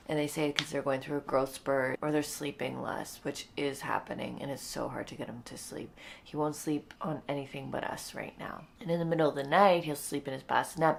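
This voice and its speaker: A sleep-deprived young woman talks at home in a casual, wry vlog tone, her voice low and gravelly. Now and then she drops to a hush. A faint hiss sits under the recording. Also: fairly even intonation, brisk. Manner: tired, wry, chatty, drops to a whisper near the baby. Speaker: comedian and new mom vlogging. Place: home, indoors.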